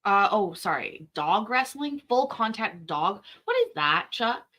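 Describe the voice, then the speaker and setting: A woman's voice: mid-range voice, very animated, unhurried, sharp tone. A woman born in Scotland, hosting a casual stream and rambling through answers to viewer comments with lots of fillers. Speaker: streamer host.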